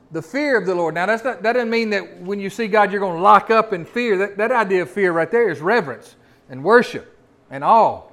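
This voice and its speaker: A man, a pastor giving a sermon in a folksy style with rhetorical questions. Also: high-pitched.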